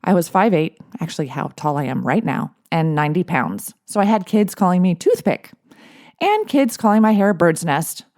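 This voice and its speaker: Woman in her 40s, life coach, podcast monologue, low-pitched, mellow, encouraging. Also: sing-song, moderate pace. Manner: gentle, encouraging, with light laughs.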